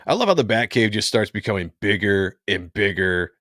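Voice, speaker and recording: Laid-back low-voiced man chatting comics. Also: lively intonation, moderate pace, a bit bright, no echo, clean studio sound. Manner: laid-back, laughs often, reads viewer comments aloud. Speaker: comic book stream co-host. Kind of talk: casual chat reading comics and chat messages.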